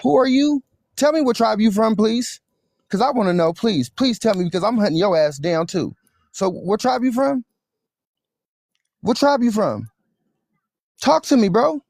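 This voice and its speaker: A man fights it out in a live online debate, swearing and hammering the same questions. His voice sits high and gravelly. The sound is close and dry. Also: expressive, normal speed, pauses often, darkish tone, dry recording. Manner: aggressive, profane, repeats himself, threatening. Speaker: social media personality in a live debate.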